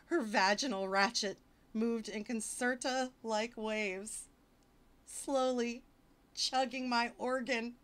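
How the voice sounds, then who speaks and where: A woman's voice: medium pitch, a bit bright. Woman streamer, casual livestream reading, wisecracking and mock-exasperated between passages. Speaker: streamer reading fiction aloud.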